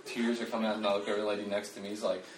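A man preaching a casual sermon, animated and conversational, joking at his own expense and restarting his sentences often. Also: fairly low pitch, rapid-fire, slight background noise. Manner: animated, conversational, self-deprecating, with frequent restarts and fillers. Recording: roomy, distant mic, faint ambience.

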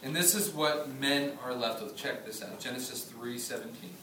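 Animated man preaching in an echoey hall. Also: mid-range voice, normal speed, background noise. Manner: conversational preaching, humorous asides, animated storytelling. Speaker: pastor. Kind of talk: sermon. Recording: echoey room from a distance.

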